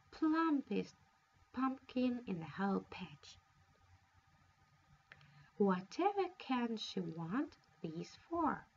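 A woman, a native Russian speaker, reading a fairy tale aloud in a careful, expressive storytelling manner. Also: mid-range voice, a little hiss or hum. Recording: dull lo-fi recording.

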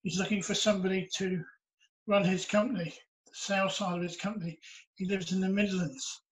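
A man's voice: high voice, fairly even intonation, fairly quick, rough recording. A man recounting a personal story in an earnest, reflective way during a church interview. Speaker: interviewee sharing his testimony.

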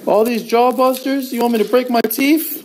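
A man live-streaming on a city street into a handheld phone, loud, goofy and taunting, repeating his phrases over and over. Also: very high-pitched, fairly even intonation, moderate pace, slight background noise, rough recording. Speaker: IRL streamer. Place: outdoors on a city street and at a hotel door.

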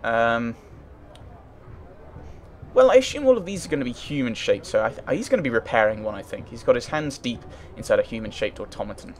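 Brief: male let's player, mid-pitched, halting and chatty, reading game text, faint background hiss. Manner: thinks aloud, hesitant, restarts often. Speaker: let's play gamer. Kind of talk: casual let's play commentary, reading game text aloud.

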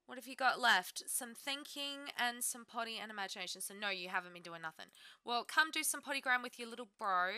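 A woman's voice: fairly high pitch, pushed and bright, clear, resonant tone, no room sound, studio quality. A woman giving bubbly, chatty let's-play commentary, often talking to her game characters. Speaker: gaming YouTuber.

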